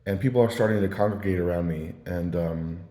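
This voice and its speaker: A man's voice: low voice, fairly quick, dark tone. A man telling stories in a casual, meandering ramble, full of fillers and restarts. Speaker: vlogger. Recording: roomy echo.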